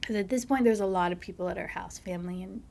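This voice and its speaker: A woman, a mother, talking as a podcast guest, soft-spoken and halting, with many fillers and breathy, near-whispered stretches. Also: medium pitch. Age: adult, a mother. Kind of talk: casual conversation, personal storytelling.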